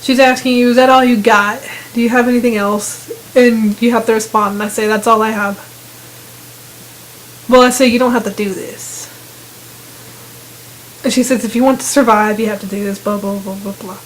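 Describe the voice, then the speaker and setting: A woman casually narrating a video game, retelling scenes and quoting the characters in quick voices. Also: on the high side, fairly even intonation, a little hiss or hum, rough recording. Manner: chatty retelling with quoted voices. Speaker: gamer narrating gameplay. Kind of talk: casual gameplay commentary.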